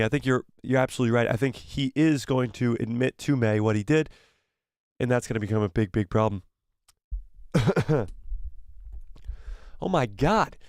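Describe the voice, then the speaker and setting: An excitable man hosts a live stream, chatting with viewers and reading their messages aloud, his voice worn and hoarse from talking. He sits at a mid pitch, and the sound is close and dry with no room around it. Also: dry recording. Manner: excitable, frequent exclamations and quick laughs. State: losing his voice, throat-clearing. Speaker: livestream host.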